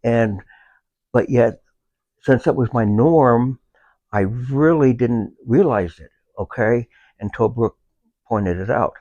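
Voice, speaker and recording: A man speaking as a veteran guest in a casual conversation about his service dog, pausing often with fillers as he talks. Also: mid-range voice, mellow, dry recording, dull audio. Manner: halting, unhurried, with many filler pauses.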